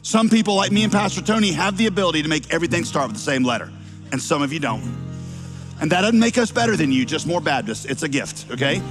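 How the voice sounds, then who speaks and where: A man's voice: on the high side, very animated, quick pace, in a large hall, over music. A middle-aged male pastor with a slight Southern accent, preaching a sermon with wry, teasing asides to the congregation.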